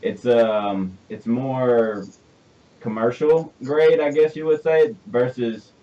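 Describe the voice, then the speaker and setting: A man's voice: medium pitch, fairly even intonation, slow pace, mellow. A man with an Alabama accent hosting a casual interview, chatty and rambling, laughing easily. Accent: Southern US, Alabama. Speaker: podcast host. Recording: distant, dull mic with faint noise.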